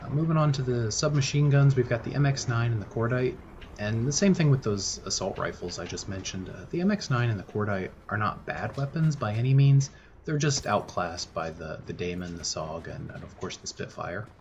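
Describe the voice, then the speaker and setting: Low-voiced male gaming creator, laid-back voice-over commentary, faint hiss behind. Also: a little fast, muffled recording. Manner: relaxed, thinking aloud with frequent "uh" and restarts. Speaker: gaming YouTuber. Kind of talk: gameplay commentary.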